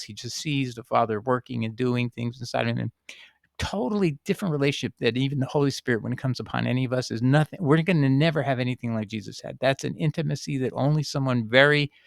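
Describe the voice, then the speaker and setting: A man's voice: mid-range voice, vocal fry, no echo. Guy explaining bible stuff on a screen share, emphatic, keeps restarting, dry close sound. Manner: rambling, restarts often, emphatic. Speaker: Bible teacher answering a viewer. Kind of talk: casual screen-share teaching.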